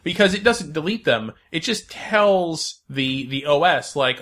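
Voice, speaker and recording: A man's voice: fairly high pitch, lively intonation, measured pace, hardly any pauses, fairly bright tone. A man hosting a casual podcast, chatty and jokey, who explains things and runs a word quiz. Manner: chatty, jokey, acts out computer prompts.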